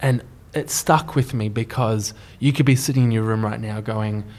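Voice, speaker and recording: A young man, a podcast guest telling a story in an animated way, often stumbling and restarting. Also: fairly low pitch, normal speed. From Australia.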